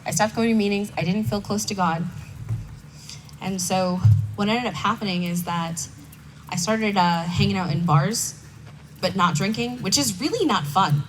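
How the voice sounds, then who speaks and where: Over music, a young woman of medium pitch and moderate pace speaks candidly at a recovery meeting on a conference hall stage. She relates her personal story in a conversational way, with asides that mock herself. The sound comes through a distant mic with faint background noise.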